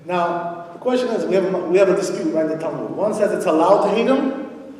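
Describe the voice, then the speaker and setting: With a high-sitting, darkish voice, lively intonation and a brisk pace, a male rabbi teaches Torah to a congregation at an evening synagogue event. He keeps it conversational with frequent "you know" and rhetorical questions, captured distantly in an echoing hall.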